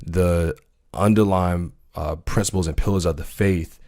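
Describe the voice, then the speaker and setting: A man talking casually about religion on a podcast, animated and quick to jump in with corrections, often restarting his sentences. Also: sits low, no echo, studio quality.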